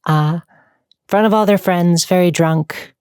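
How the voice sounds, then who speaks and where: A woman's voice: lowish voice, a little slow, a little mellow, smooth, no room sound, studio quality. A woman answering fan questions to camera in a chatty, rambling way, laughing between thoughts. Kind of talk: casual Q&A chat to camera.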